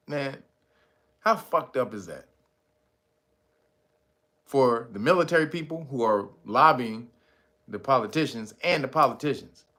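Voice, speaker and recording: A man hosts a commentary show, discussing the news in a loose, slangy, profane, joking way and often bursting into laughter. His mid-range voice is a bit bright.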